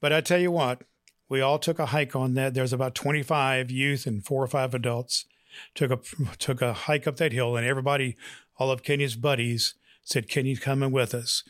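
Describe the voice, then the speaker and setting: A man's voice: medium pitch, steady tone, normal speed, fairly bright tone, no echo, clean studio sound. A man hosting a podcast, giving earnest, motivational encouragement and telling a joke. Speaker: podcast host.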